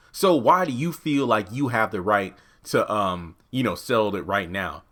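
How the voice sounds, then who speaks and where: A man's voice: normal speed, hardly any pauses, fairly bright tone. A man giving a casual review of a TV episode, exasperated, ranting and swearing freely. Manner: jumps into quoted lines with raised pitch. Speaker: TV show reviewer.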